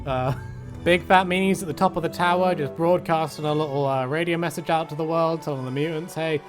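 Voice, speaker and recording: A man's voice: fairly high pitch, fairly even intonation, a little fast, over music, close to an everyday voice. A man voicing a friendly hulking male super mutant who holds back his anger, talking in a laid-back, rambling way. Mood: sheepish, rambling.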